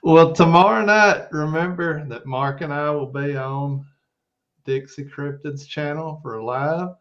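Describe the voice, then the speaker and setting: A man's voice: a little high, unhurried, fairly bright tone, dull audio. A man hosting a livestream chat in an easygoing, promotional way. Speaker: host.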